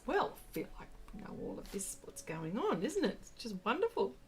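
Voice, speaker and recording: A woman's voice: on the high side, huge pitch swings, moderate pace. A middle-aged woman, hosting a casual art livestream, effusively reading out viewer comments while she paints. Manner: gushing, effusive, reads viewer comments aloud.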